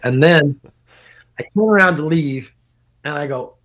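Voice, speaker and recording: A middle-aged man, a podcast guest, telling a long road story in casual, animated talk, swearing and laughing as he goes. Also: on the high side, measured pace. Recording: dull lo-fi podcast audio.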